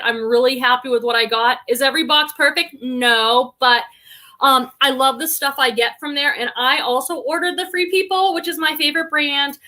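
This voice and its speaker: A woman's voice: high voice, sharp tone. A middle-aged woman from the Boston area with a slight Boston accent, chatting casually on a livestream, reading out comments and greeting viewers by name. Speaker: livestream host, reseller.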